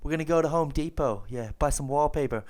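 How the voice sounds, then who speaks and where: A man's voice: a little high, fast talker, a little mellow, natural voice. A man voicing a polite, mild-mannered suburban husband who rambles.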